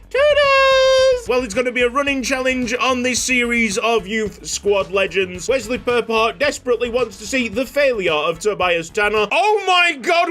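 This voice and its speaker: A man commentating on a video game with an excitable, jokey delivery. His voice is very high and bright, with a forceful edge. He often breaks into shouts and laughter. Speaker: YouTube gaming host.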